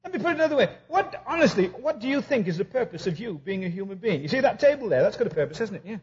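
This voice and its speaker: A high-voiced male preacher delivers a humorous sermon in a very lively, swooping voice. He tells stories and acts out both sides of each conversation. The recording is dull and lo-fi. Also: racing.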